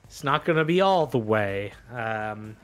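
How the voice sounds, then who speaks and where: A man's voice: medium pitch, expressive, unhurried. A man narrating as game master, rambling with many fillers.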